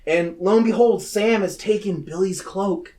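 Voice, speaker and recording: A man co-hosting a casual podcast, animatedly retelling a movie plot, swearing freely and mimicking characters in squeaky voices. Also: normal speed, mellow. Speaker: podcast co-host.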